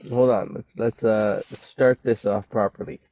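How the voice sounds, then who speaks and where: A man's voice: medium pitch, steady tone, slow pace, darkish tone, no room sound, highs cut off. A man hosting a casual podcast, talking in a laid-back, loose way while getting over covid. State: recovering from covid. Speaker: podcast host.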